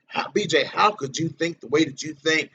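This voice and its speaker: A man's voice: a little high, normal speed, creaky, sharp tone, breathy edge, highs cut off. A man hosting a casual livestream about fighting, blunt and profane, often repeating his words as he talks. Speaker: livestream host.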